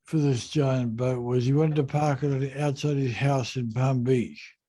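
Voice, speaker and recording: A man, a yacht designer in an interview, telling a story in a relaxed, unhurried and self-deprecating way. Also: mid-range voice.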